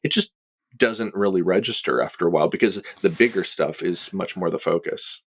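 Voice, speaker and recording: A man who is a therapist, talking on a podcast in a halting way with many fillers and restarts. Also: deep voice, slightly rough, no room sound. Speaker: therapist co-host. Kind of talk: conversational podcast talk.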